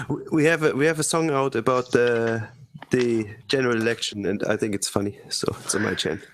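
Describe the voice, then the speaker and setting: A man's voice: medium pitch, normal speed, a little hiss or hum. A man joins a casual online chat as a guest musician. He jokes easily and stumbles over the start of his sentences in a mid-range voice. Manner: joking, stammers into sentences.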